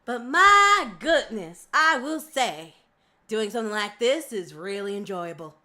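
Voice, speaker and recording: A woman voicing a sharp-witted country woman, deepening her voice into a put-on Southern US country drawl. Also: lively intonation, unhurried, heavily acted. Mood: relaxed.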